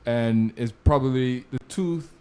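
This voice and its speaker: A man's voice: medium pitch, normal speed, mellow, smooth. A man hosting a panel discussion, asking questions in a conversational way. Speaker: host.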